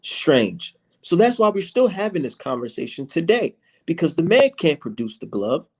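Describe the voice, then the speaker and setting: A man's voice: fairly high pitch, big pitch swings, a little fast. A man from the United States, a channel host arguing in a heated online debate, combative and mocking, swearing freely.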